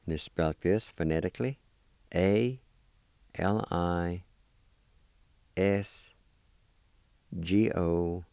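A man teaching vocabulary, patiently spelling each word letter by letter and repeating it slowly. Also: low-pitched, dark tone, smooth, no room sound. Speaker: language teacher. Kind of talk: slow spelling and pronunciation lesson.

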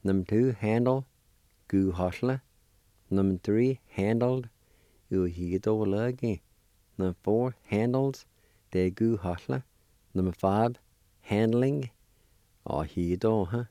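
A man teaching vocabulary, spelling and sounding out each word slowly and patiently, repeating it for learners. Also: fairly low pitch, dark tone, no echo, clean studio sound. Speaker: language teacher. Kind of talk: slow spelling and pronunciation drill.

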